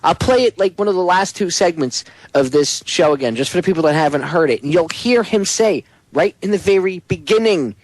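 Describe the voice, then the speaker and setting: A man's voice: high-pitched, expressive, a little fast, hardly any pauses, dry recording, low-quality recording. A man hosting a talk radio show, ranting in an emphatic, sarcastic and profane way. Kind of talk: casual talk radio chat.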